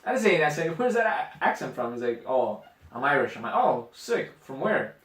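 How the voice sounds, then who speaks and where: A man co-hosting a podcast, telling stories in a loose, profane, animated way. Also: on the high side, quick pace. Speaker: podcast co-host. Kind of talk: casual chat. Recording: echoey room, mic at a distance.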